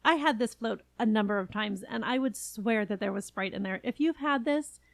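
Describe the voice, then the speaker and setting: A woman's voice: fairly high pitch, normal speed, gravelly, dry recording. A woman from California co-hosting a podcast in casual, enthusiastic chat. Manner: chatty, enthusiastic, laughs often. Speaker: podcast co-host.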